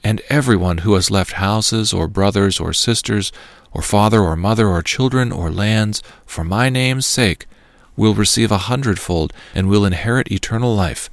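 Jesus, a calm teacher, as a man reads him. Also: on the low side, moderate pace, no room sound, lightly acted. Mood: solemn teaching.

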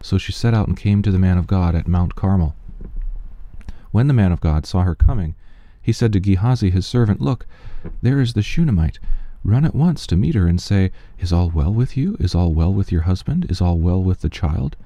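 Low dark-voiced man reading scripture. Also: animated, dry recording. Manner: plain measured reading, quoted speech barely acted. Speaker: scripture reader.

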